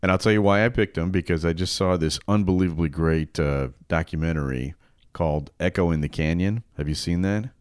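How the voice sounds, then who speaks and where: A man's voice: low voice, brisk, clean tone, no echo, clean studio sound. A man co-hosting a podcast, chatting casually in a rambling, loose way with many fillers. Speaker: podcast co-host. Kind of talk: casual chat.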